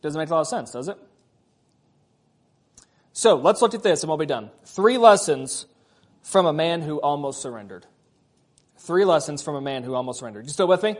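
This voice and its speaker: Male pastor with a high voice, preaching a conversational sermon full of rhetorical questions. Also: lively intonation, normal speed, long pauses.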